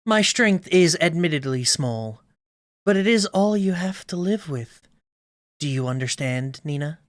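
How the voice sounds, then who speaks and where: A man reading aloud the lines of a calm, commanding female goddess from a video game, in a lowered, solemn voice. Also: a little slow, a little hiss or hum.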